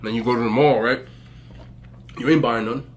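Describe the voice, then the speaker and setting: A man in his forties telling stories to viewers in a relaxed, joking way, laughing often and using plenty of slang. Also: medium pitch, brisk. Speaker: mukbang host. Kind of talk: casual storytelling to viewers.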